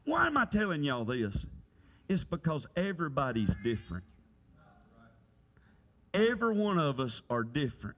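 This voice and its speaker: A man's voice: fairly high pitch, huge pitch swings, normal speed, pauses often, a bit bright. A middle-aged man preaching a folksy, conversational sermon in a church, asking the congregation rhetorical questions. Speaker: pastor. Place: church sanctuary. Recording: church hall reverb.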